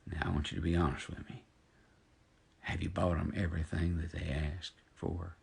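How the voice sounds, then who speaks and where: A man's voice: low voice, little pitch movement, moderate pace, gravelly, slightly rough, full character voice. A man voicing a kindly, generous male singing star, folksy and calling a woman baby. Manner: warm, folksy, calls her baby.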